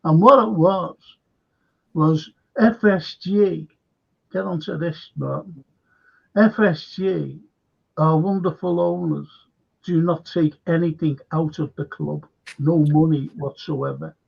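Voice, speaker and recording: An older man hosting a casual fan podcast, rambling, animated and swearing a lot. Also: on the high side, slow, creaky, husky. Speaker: host. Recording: dull lo-fi call audio.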